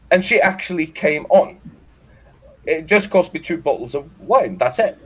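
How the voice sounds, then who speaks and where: A man's voice: a little high, expressive, moderate pace, fairly bright tone, slightly rough. A man with a picked-up Scottish accent, telling rowdy, profane stories in a casual livestream chat. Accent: Scottish-tinged. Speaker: podcast guest.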